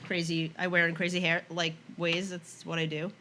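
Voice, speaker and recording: A young woman co-hosting a podcast, telling funny stories in casual chat, animated and quick to laugh. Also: on the low side, a little hiss or hum. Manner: animated, laughs often, mimics voices in her stories. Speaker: podcast co-host.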